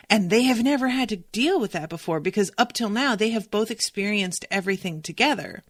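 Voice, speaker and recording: A young adult woman talks through a book on her podcast in a loose, chatty way, cursing now and then. Her pitch swoops around a lot as she goes. The recording is dry and close, with no room sound. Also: brisk, few pauses, no echo. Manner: chatty, animated, swears freely. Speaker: podcast host. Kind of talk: casual solo book discussion.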